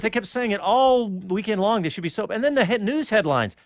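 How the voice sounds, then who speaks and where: A man hosting a casual motorsport chat show, talking in an animated, chatty way and laughing often. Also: high voice, a little fast, few pauses, dry recording, clean studio sound. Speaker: show host.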